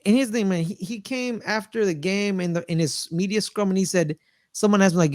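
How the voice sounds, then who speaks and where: Brief: excitable male sports podcast co-host, high voice, dry close sound, repeats himself a lot. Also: fairly quick, dry recording. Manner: excitable, repeats phrases for emphasis. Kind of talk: casual sports chat.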